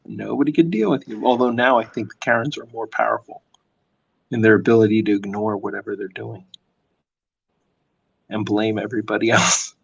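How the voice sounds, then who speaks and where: A man's voice: lowish voice, fairly even intonation, normal speed, vocal fry, pauses often, husky, muffled recording. A man, a comic artist, chatting casually and telling rambling stories while he draws late at night. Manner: rambling storyteller, lots of fillers. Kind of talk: casual chat while drawing.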